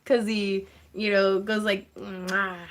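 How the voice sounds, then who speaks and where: A giggly woman hosts a relaxed craft livestream, chatting warmly and effusively with her viewers. She laughs often between her words, and her voice sits at a middling pitch. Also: measured pace. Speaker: craft channel host. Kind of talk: casual livestream chat.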